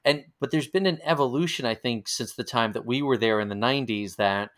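A man with a New York accent runs a casual interview, his voice sitting at an ordinary middle pitch. He asks his questions conversationally, restarting phrases as he thinks aloud. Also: fairly quick. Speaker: interviewer, radio station alumnus.

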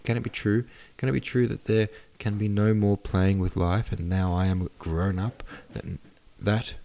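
A man's voice: lowish voice, little pitch movement, normal speed, warm tone, close to an everyday voice. A man voicing a passionate, tearful young countess's daughter with a pleading, breathless delivery. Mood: yearning.

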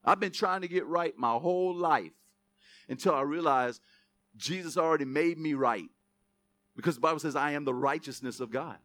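High, bright-voiced joking pastor. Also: male voice, moderate pace, no room sound. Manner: joking asides between loud preaching. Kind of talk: sermon.

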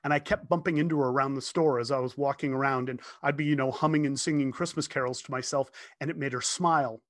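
A man in his fifties, a guest telling a heartfelt story in casual conversation from his home office, earnest and animated, often restarting his sentences. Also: medium pitch, fast talker, dry recording, clean studio sound.

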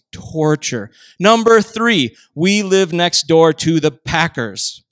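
A man from Minnesota, preaching a sermon in an animated, storytelling way with rhetorical asides. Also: sits high, dry recording. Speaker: pastor.

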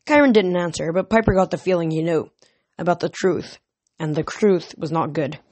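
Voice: medium pitch, moderate pace, darkish tone, dry recording. A reader narrating an audiobook in a plain way, with small slips and self-corrections.

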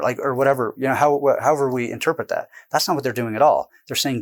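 A man being interviewed about his book, explaining at length in a casual, animated way, jumping between points and restarting sentences. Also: medium pitch. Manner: animated, digressive, quick bursts with restarts. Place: indoors with a camera close by.

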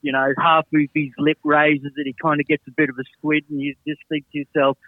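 A man's voice: fairly high pitch, level tone, a little fast, narrow, tinny audio. A man talking as a guest in a casual chat, enthusiastic and swearing casually.

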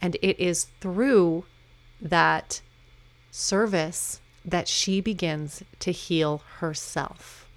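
Chatty lower-voiced woman podcaster. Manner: chatty and warm-hearted, laughs at herself, quick asides. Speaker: podcast host. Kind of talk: casual solo podcast talk.

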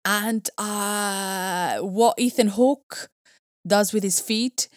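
A woman co-hosting a podcast in casual chat, chatty and animated, her pitch jumping up when she gets excited. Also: extremely slow, dry recording, clean studio sound. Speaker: podcast co-host.

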